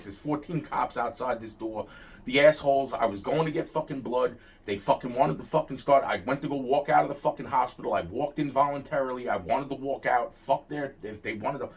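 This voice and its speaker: A man's voice: medium pitch, a little fast. Agitated man storyteller, swears constantly, restarts lines, recorded from a distance. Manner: heated, profane, repeats himself and restarts often. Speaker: interviewee telling a personal story. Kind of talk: casual storytelling rant. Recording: distant mic.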